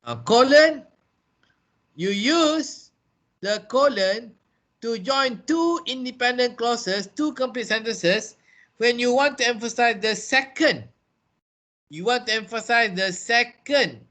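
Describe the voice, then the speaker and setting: High, bright-voiced trainer. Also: male voice, animated, takes it slowly. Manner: repeats key points, explanatory. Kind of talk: classroom lesson. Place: training room with a class.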